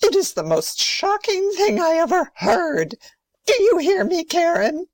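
A woman's voice: mid-range voice, very animated, unhurried, dry recording. A woman playing a strict, proper old grandmother who scolds sternly. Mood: scolding. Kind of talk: amateur play reading.

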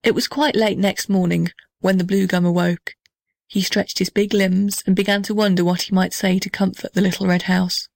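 A woman reading a children's storybook aloud in a gentle, measured way. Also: mid-range voice, flat delivery, vocal fry, dry recording, studio quality. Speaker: narrator.

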